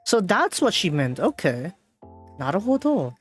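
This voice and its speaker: A woman streaming a game, reading the dialogue aloud and translating it, with halting speech full of fillers and restarts. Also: fairly low pitch, lively intonation, faint music behind.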